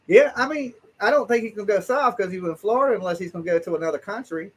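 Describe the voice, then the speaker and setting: A man's voice: sits high, fast. A man hosting a live call-in show, telling stories in blunt slang with casual swearing.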